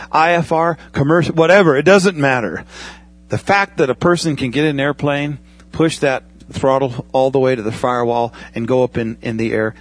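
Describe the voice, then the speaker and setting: A man preaching a sermon in a conversational way, asking the congregation questions and using everyday comparisons. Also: mid-range voice. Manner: conversational preaching with pilot analogies and asides. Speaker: pastor.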